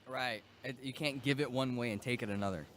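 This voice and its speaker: A man's voice: medium pitch, a little fast, a bit bright. A man hosting a casual political chat, conversational and agreeable. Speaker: podcast host.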